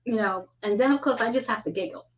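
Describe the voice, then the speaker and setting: A woman in her fifties hosting a casual spiritual astrology chat, talking in an animated way and acting out the voices she quotes. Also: fairly high pitch, quick pace, highs cut off. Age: 50s. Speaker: host.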